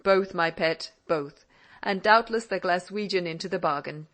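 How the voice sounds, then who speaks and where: A woman's voice: on the low side, moderate pace, close to an everyday voice. A woman voicing an older Scottish father who indulgently teases his daughter in an audiobook. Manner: indulgent and gently mocking. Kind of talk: audiobook character reading.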